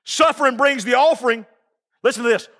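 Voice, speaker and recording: A pastor preaches in a high, bright, forceful voice, folksy and emphatic. His words ring out with a long reverb through a church sanctuary. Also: a little fast. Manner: folksy, emphatic preaching with call-and-response asides. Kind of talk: sermon.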